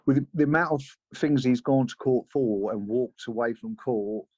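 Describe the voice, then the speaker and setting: A man talking as a guest in an interview, telling his story in a measured, sober way. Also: mid-range voice, dark tone, no room sound. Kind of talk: interview conversation. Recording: dull lo-fi sound.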